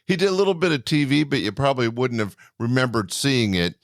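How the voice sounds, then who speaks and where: A man's voice: very animated, fast talker, no echo. A man hosting a comedy podcast, introducing the sets in an upbeat promo manner. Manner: friendly, upbeat promo pitch. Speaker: podcast host and club owner.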